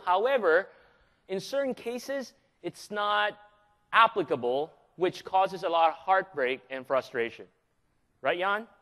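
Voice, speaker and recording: Lively, joking male presenter from the Philippines. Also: high-pitched. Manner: energetic and joking, keeps asking the audience questions. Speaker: conference presenter. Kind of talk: live conference presentation. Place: large conference hall. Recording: long reverb of a large hall.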